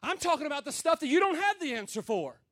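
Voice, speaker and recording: A man preaching to a room of men in a notably high voice. He talks plain and folksy, swinging from loud, emphatic calls down to quiet, low murmurs. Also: very animated, fast. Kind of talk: sermon to a men's gathering.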